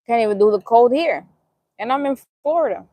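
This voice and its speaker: A woman with a Bronx New York accent runs a vegan cooking channel, and here she eats on a live stream, chatting casually, responding to comments, and laughing easily. Her voice is a little high, mellow, animated, and brisk, with no room sound.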